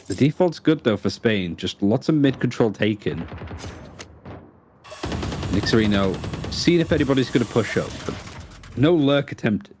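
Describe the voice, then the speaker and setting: A man with a Yorkshire accent calls a live esports match, his pitch bouncing up and down as he talks. He sits at a mid-range pitch and rattles through the play-by-play in quick, chatty bursts. Faint noise sits under his voice. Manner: quick, animated, chatty with a co-caster. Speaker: esports caster.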